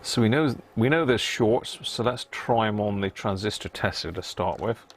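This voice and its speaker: Speaking at a moderate pace in a fairly low pitch, this man hosts an easygoing live stream as he repairs a vintage radio. He chats with the audience, handles the live chat, and mutters under his breath while testing parts at his electronics bench.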